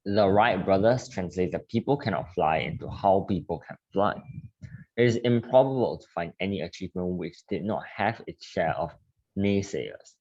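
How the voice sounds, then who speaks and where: A man reading a passage aloud in a steady, measured way. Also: low-pitched, breathy edge, muffled recording. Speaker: reader.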